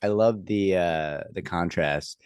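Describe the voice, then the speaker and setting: A man with a very deep voice talks in a rambling, easygoing way, full of fillers and restarts. The sound is dry and close. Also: slow pace, darkish tone, clear, resonant tone, no room sound. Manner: acts out others' lines when telling a story. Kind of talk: casual chat.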